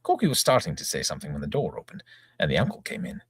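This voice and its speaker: Husky man with a wildly swooping voice. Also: very deep voice, wildly swooping pitch, fast, dry recording. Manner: breezy first-person narration with chuckles. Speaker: reader, channel host. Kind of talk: reading a comic novel aloud.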